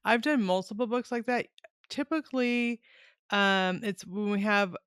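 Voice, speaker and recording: A woman's voice: medium pitch, measured pace, fairly bright tone, clean tone, no room sound. A middle-aged woman hosting a casual book chat, talkative and laughing often. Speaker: podcast host and author.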